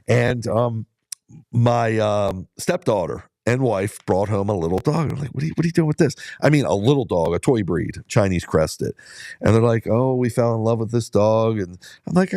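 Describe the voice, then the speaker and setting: A man's voice: mid-range voice, darkish tone, no room sound, studio quality. A middle-aged man, a dog musher, chatting casually to his viewers and telling rambling stories full of fillers and restarts. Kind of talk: casual talk to viewers while out on a ride.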